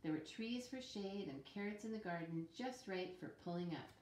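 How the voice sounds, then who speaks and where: A woman reading a children's picture book aloud in a calm, expressive way. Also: mid-range voice, moderate pace, slight background noise. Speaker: storyteller. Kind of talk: children's story read-aloud. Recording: roomy echo.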